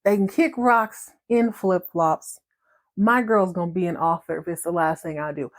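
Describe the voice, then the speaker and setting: A woman's voice: on the low side, fairly even intonation, moderate pace, no room sound, close to an everyday voice. A woman voicing a brash, fiercely proud mother who talks in a feisty, defiant way.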